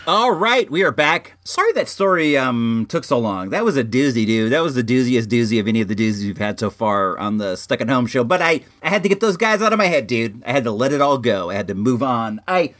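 A man talking casually to his audience, his pitch swinging up and down as he tells a story. He rambles, restarts and keeps dropping "like" and "dude", relaxed and chatty. It sounds like a host talking straight to his listeners. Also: fairly quick, hardly any pauses. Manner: rambling, animated, heavy use of "like" and "dude". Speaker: host of a home show.

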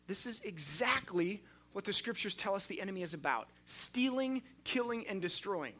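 A man's voice: high-pitched, lively intonation, moderate pace, bright, forceful tone. A male pastor preaching a sermon in a conversational, storytelling way, often restarting his sentences.

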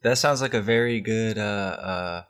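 A man with a very deep voice co-hosts a podcast. He talks casually, and his sentences wander through stacked fillers and restarts. He swears offhandedly. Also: a little slow, fairly bright tone, clear, resonant tone. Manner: rambling, loose, swears casually. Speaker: podcast co-host.

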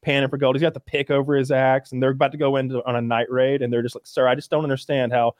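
A man telling stories in a loose, rambling way, often restarting his sentences. His voice sits at an ordinary middle pitch. The recording is close and dry, with no room sound. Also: flat delivery, very fast, dry recording. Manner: rambling, many restarts, acts out bits. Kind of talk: casual podcast chat.

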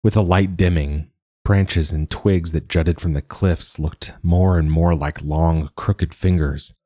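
A man narrating an audiobook in a measured, steady way. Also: sits low, dry recording, clean studio sound.

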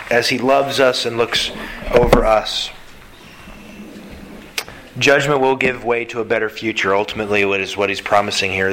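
A man preaching a sermon as pastor, earnest and animated, with quick asides between scripture readings. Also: fairly low pitch, slight background noise, low-quality recording.

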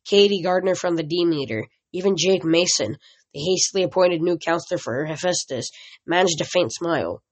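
A reader narrating a novel in the first person, with a plain reading style and occasional stumbles. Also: medium pitch. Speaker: audiobook reader.

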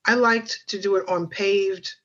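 A woman guest on a podcast recalls her story in a chatty, rambling way, full of fillers and asides. Her voice sits at a middling pitch. It comes through a slightly dull, lo-fi line. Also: fairly even intonation, measured pace, a bit bright. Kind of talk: personal storytelling.

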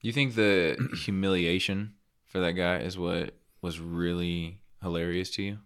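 A man's voice: deep voice, fairly even intonation, measured pace, a bit bright, smooth. A man co-hosting a podcast, asking dry, probing questions in casual chat. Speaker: podcast co-host.

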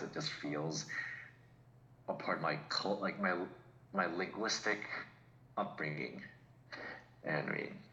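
New england guy on a chatty podcast, really deep voice, kinda thoughtful, roomy echo. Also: pushed and bright. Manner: reflective, picks words carefully. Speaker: podcast co-host. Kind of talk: casual chat. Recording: echoey room.

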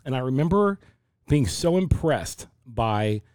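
A man in his forties talking about faith and grief in a reflective, halting way, often restarting his sentences. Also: mid-range voice, sing-song, darkish tone, clean tone, dry recording, studio quality. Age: 40s. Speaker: pastor. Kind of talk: casual faith discussion.

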